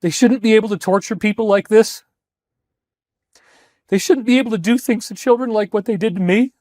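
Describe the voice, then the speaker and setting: A man with a high voice speaks with fervent emphasis and often repeats a phrase to drive it home. He addresses his listeners directly, as if giving a talk. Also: brisk, a little mellow, dry recording, clean studio sound. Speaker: speaker in archived clips. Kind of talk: impassioned talk to viewers.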